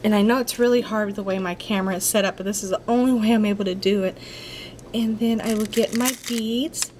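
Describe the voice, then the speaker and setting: A woman's voice: mid-range voice, fairly even intonation, a little fast, a little mellow, slight background noise. Chatty woman talking through a craft. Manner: chatty, talks to herself while crafting, apologetic. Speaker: craft tutorial maker. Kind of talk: casual crafting tutorial.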